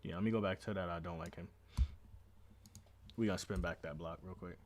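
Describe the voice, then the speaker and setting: A man, casually commenting to himself as he edits a video, relaxed and slangy. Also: sits low, brisk. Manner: relaxed, thinking aloud, slangy. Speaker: video editor. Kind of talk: casual commentary while editing.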